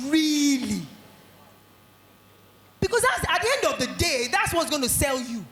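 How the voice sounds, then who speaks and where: A middle-aged woman with a Nigerian accent giving a lively motivational talk at an education conference, acting out little scenes. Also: high-pitched, measured pace, long pauses, roomy sound. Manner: animated, acts out little scenes in quoted voices.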